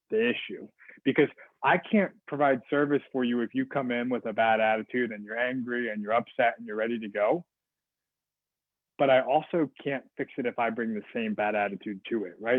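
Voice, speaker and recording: A man's voice: medium pitch, no echo. A man giving a customer service talk over a video call, casual and rambling with fillers and restarts. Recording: dry, phone-like video call audio.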